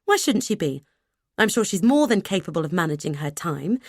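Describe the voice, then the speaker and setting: A woman voicing a brash, outspoken 1970s woman who talks in a loud, mocking, indignant way. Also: sits low, fairly quick, dry recording, clean studio sound, natural voice.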